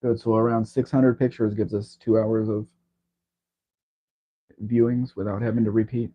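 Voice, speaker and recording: A man's voice: on the low side, little pitch movement, moderate pace. A man hosting a casual livestream chat, talking in a rambling, chatty way. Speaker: livestream host. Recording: dull lo-fi stream audio.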